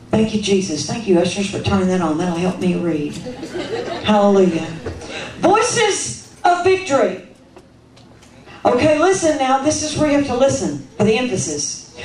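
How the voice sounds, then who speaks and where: A woman with a Kentucky accent preaches a sermon, her voice pitched high as she teases and questions the congregation with lots of emphasis. She is heard from a distance in a roomy, echoing church. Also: a little mellow. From Kentucky, USA. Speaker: guest preacher. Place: church sanctuary.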